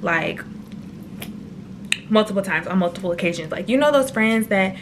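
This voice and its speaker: A woman's voice: mid-range voice, lively intonation, moderate pace, background noise. A woman in her twenties telling a personal story to camera in a chatty, slangy way, often turning aside to address viewers. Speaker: storytime vlogger.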